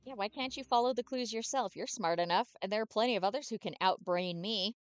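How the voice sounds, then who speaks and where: A woman reading the lines of a spirited young heroine in a game, in a brisk, sharp manner. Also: mid-range voice, clean tone, no echo, dull audio, soft background music, natural voice.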